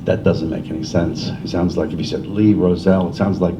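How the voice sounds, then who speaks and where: Deep-voiced older man telling stories. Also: steady tone, brisk. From New Jersey. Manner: rambling, anecdotal, self-deprecating. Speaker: author speaking at a library forum. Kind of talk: casual storytelling talk. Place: library meeting room. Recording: distant, muffled room recording with faint hiss.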